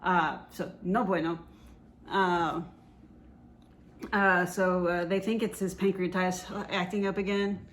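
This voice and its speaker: A woman's voice: on the low side, fairly even intonation, a little slow, long pauses, slight background noise. A woman co-hosting a casual vlog, telling a story in a chatty, easygoing way with plenty of fillers. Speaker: co-host, vlogger's partner.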